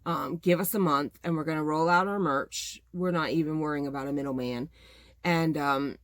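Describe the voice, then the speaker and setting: A woman's voice: low-pitched, moderate pace, no room sound. A middle-aged woman chatting casually to her viewers, venting in an exasperated, talkative way about running her small business. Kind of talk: casual chat to camera.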